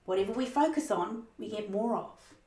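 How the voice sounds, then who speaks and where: A woman leadership coach giving a motivational teaching talk, emphatic and expressive, speeding up and slowing down for effect. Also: medium pitch. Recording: roomy sound, mic at a distance.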